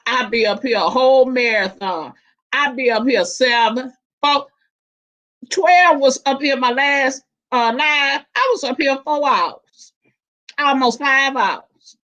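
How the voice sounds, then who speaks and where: Casual woman panelist, animated and laughing, slow-talking, slightly high voice, dull lo-fi stream audio. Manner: animated, laughing, Southern-inflected slang. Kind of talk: casual live stream chat.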